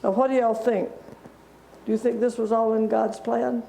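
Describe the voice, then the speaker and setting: A woman's voice: fairly high pitch, little pitch movement, moderate pace, creaky, warm tone, a little hiss or hum. A woman teaching a Bible story to children in a church, chatty and asking them questions. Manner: conversational, asks the children questions. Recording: echoey church room.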